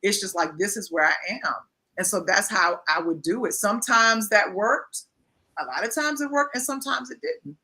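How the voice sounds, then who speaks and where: A woman in her fifties speaks as a pastor being interviewed, talking candidly and with strong emphasis. Her voice has a bright, forward tone. She often repeats phrases to drive a point home. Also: mid-range voice, moderate pace, slightly rough. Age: 50s.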